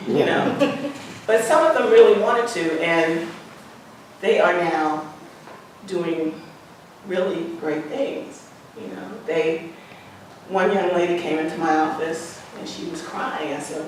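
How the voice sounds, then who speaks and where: A woman's voice: fairly low pitch, a little slow. A woman in her sixties telling stories from her career in an earnest, conversational way, repeating phrases for emphasis and acting out what people said. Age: 60s. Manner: repeats phrases for emphasis, acts out quoted dialogue. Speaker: museum founder sharing life lessons. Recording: echoey room, mic far off, background noise.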